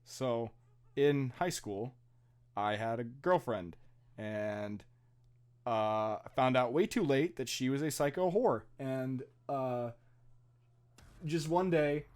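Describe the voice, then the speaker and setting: A man's voice: mid-range voice, takes it slowly, pauses often, smooth. Profane young man telling a story. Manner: profane, laughing, animated retelling. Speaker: podcast co-host. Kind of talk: casual storytelling.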